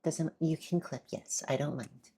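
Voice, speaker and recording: Woman streamer, casual game chat, very low voice, dark tone. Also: a little slow, husky. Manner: chatty, talks while eating. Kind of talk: casual let's-play chat.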